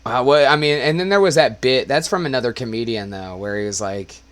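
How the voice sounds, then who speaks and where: A man's voice: medium pitch, a little fast, fairly bright tone. A man hosting a casual livestream, talking loosely and laughing, often trailing off mid-sentence. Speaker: host.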